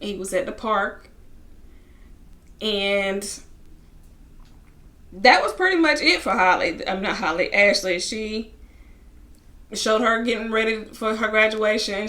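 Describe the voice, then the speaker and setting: A woman's voice: mid-range voice, a little slow, pauses often, sharp tone. A woman casually recapping a reality TV episode, chatty, with lots of asides. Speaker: TV reality show reviewer.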